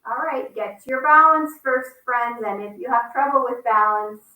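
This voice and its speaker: Bright-voiced woman leading kids' yoga. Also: a little high, moderate pace, far from the mic. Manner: upbeat, coaxing, talks directly to children. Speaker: kids yoga teacher. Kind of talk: children's yoga class with story reading. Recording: roomy echo.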